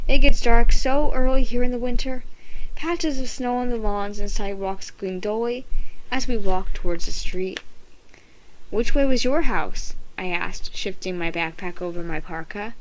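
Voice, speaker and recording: A mother reading a children's chapter book aloud in an expressive, dramatic way. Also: medium pitch, normal speed, a little hiss or hum, low-quality recording. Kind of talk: storybook read-aloud.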